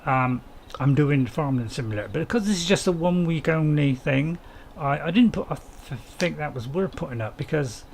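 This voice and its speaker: A man's voice: a little high, animated, moderate pace, creaky, few pauses, a little hiss or hum. A man, casually commenting on a farming game while streaming and chatting to viewers in a rambling, self-mocking way.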